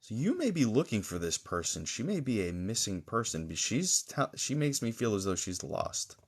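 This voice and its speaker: Man, psychic medium, live stream reading, slightly low voice, halting, pauses and fillers, gentle and reassuring. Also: sing-song, breathy edge. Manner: gentle and reassuring toward viewers.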